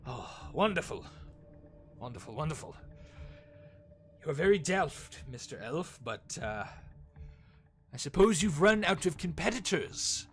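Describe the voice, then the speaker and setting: Pompous, cheerful braggart gambler voiced by a man, high and loud, with faint music behind. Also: very animated, a little slow, pauses often, exaggerated voice. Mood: boastful. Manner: pompous, talks of himself in third person. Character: boastful jolly male gambler, showy and proud.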